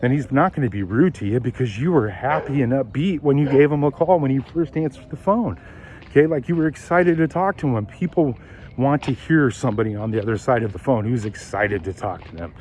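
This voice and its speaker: A man who manages car sales, coaching on a walk and acting out phone calls in lively bursts. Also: mid-range voice. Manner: animated, acts out phone calls in quick bursts. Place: outdoors while walking.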